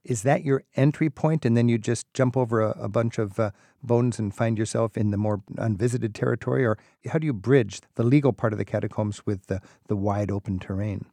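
A man's voice: fairly low pitch, fairly even intonation, fairly quick, hardly any pauses, warm tone, no room sound. A man hosting a radio travel interview, reading a scripted intro and then asking curious, conversational questions. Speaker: radio travel show host.

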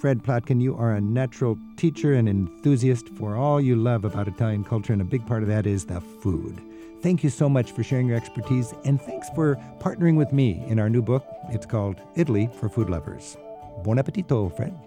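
A man's voice: medium pitch, brisk, over music. A man hosting a radio travel show, interviewing a guest with curiosity and playful questions.

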